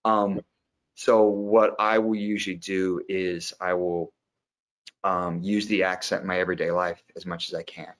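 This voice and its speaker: A man's voice: low voice, little pitch movement, moderate pace. A man, an actor, answering interview questions in a reflective, explanatory way.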